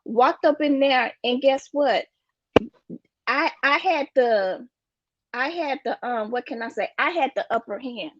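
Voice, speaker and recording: A woman's voice: high-pitched, unhurried, dry recording, highs cut off. A woman giving an emphatic, preachy motivational talk about finances, repeating her catchphrases. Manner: preachy, repeats "you get what I'm saying". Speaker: guest speaker on finances.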